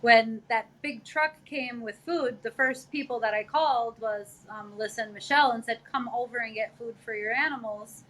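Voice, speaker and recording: A woman from an animal rescue talks about the work in a casual, earnest and chatty way. Her voice is bright and forward, a little higher than most women's. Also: normal speed, few pauses, low-quality recording. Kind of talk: casual interview chat.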